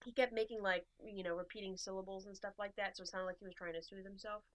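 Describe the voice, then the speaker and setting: Speaking quickly in a steady, medium-pitched voice, this young woman from the USA co-hosts a podcast. She's a chatty storyteller, recounting a trip and performing the dialogue in different quoted voices.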